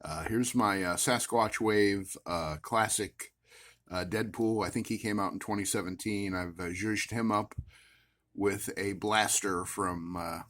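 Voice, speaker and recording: A man's voice: fairly low pitch, steady tone, unhurried, a bit bright. A man casually rambling at his worktable about his action figures, with many "uh" fillers and wry, self-amused asides. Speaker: action figure collector vlogger. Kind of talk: casual rambling show-and-tell.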